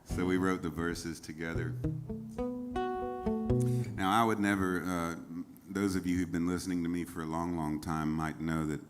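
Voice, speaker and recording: This man's voice sits low, with a level tone and normal pace. Seated on stage at a music venue for a livestreamed show, the singer-songwriter tells relaxed, meandering stories between songs, full of fillers, while a guitar sounds faintly.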